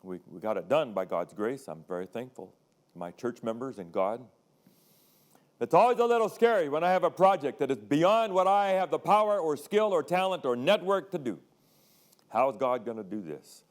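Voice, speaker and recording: A man's voice: medium pitch, lively intonation, normal speed. An older man, a retired pastor, preaching a sermon in a conversational way, telling personal stories and acting out the voices of people in them.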